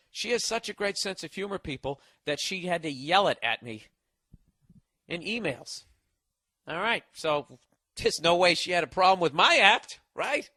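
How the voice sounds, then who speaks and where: A man riffing through a comic rant with biting sarcasm and a stream of profanity. His voice sits a touch high and sounds bright and forceful. It comes across close and dry, with no room sound around it. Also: dry recording. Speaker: podcast host reading listener mail. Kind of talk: comic ranting monologue.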